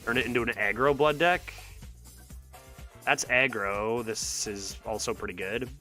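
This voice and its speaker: A man's voice: medium pitch, unhurried, sharp tone, soft background music. A man streaming a card game, exasperated and sarcastic as he thinks aloud and talks to his chat. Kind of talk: live gameplay commentary to chat.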